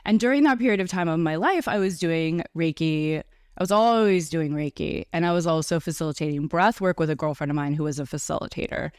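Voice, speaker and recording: A woman's voice: low voice, a little fast, clean tone, dry recording, clean studio sound. A woman from the New York area, a breathwork and Reiki facilitator, chatting enthusiastically as a guest in a casual interview.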